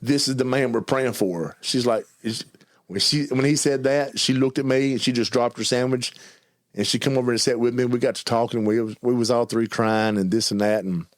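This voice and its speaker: A man's voice: medium pitch, steady tone. Southern man mumbling through a story. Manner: mumbles and stutters, talks fast in bursts, restarts words. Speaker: guest telling his testimony. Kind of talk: casual storytelling interview.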